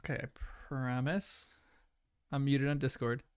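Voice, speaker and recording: A rambling, apologetic man chats casually with his livestream viewers from home, his voice sitting at an ordinary middle pitch. The sound is close and dry, with no room around it, and now and then he talks through a mouthful of food. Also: steady tone, unhurried, clean tone, no room sound. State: chewing food at times. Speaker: livestream host. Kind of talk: casual chat with live viewers.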